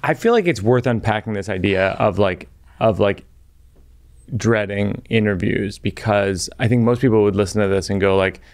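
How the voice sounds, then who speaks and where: Middle-aged man, podcast host; relaxed, reflective, quick to laugh. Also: lowish voice. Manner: thoughtful, laughs easily, builds ideas aloud. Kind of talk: casual podcast chat.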